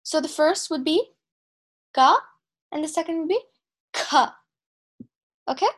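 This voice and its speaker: A woman teaching an online language class, slowly drilling syllables and calling on students over a video call. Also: high-pitched, a little mellow. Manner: patient, slow, drills sounds syllable by syllable.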